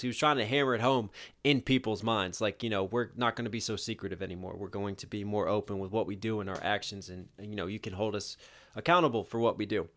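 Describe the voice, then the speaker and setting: A young man, a rapper, reacting to a music video in casual, animated commentary, swearing and laughing often. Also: on the low side.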